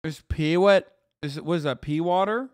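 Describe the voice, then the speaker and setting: A man's voice: on the high side, moderate pace, no room sound, studio quality. A man streaming casual reaction commentary, incredulous and profane, often laughing as he talks.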